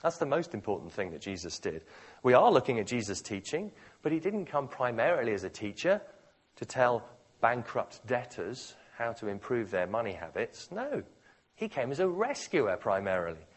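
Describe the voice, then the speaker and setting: A man preaching a sermon, dramatically shifting between quiet, slow phrases and loud, forceful ones. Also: medium pitch, very animated, husky.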